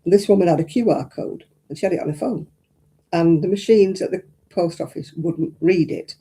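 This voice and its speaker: Husky, dark-voiced older woman. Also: fairly low pitch, normal speed. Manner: chatty, rambling anecdote-telling. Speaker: crafting livestream host. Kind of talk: casual chat.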